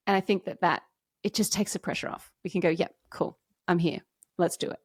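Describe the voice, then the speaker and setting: A woman marketing coach talking as a podcast guest, earnest and encouraging, her pace shifting between quick and drawn out. Her mid-pitched voice is recorded close and dry. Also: fairly even intonation, darkish tone, dry recording. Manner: earnest, encouraging, speeds up and slows down. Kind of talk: casual conversational interview.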